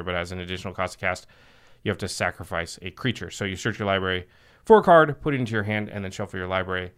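Podcast host guy, kinda low voice, talks you through card rules casual-like. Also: a bit bright, clear, resonant tone. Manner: chatty, explains card rules step by step. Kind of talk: casual card game discussion.

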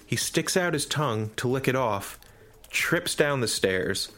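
A man co-hosting a podcast in casual chat, retelling a story with animated enthusiasm. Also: mid-range voice, unhurried. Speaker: podcast co-host.

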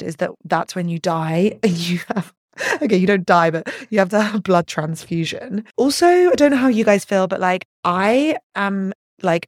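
A young woman hosting a solo podcast, telling a story in an animated way, swearing and laughing as she goes. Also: on the low side, dry recording, studio quality. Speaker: podcast host.

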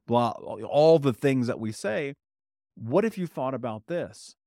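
A man's voice: mid-range voice, lively intonation, moderate pace, a little mellow, no echo, studio quality. Direct, conversational male podcast coach. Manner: direct, conversational, often asks "right?"; plain-spoken, with casual swearing. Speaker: trauma healing coach and podcast host. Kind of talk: motivational solo podcast talk.

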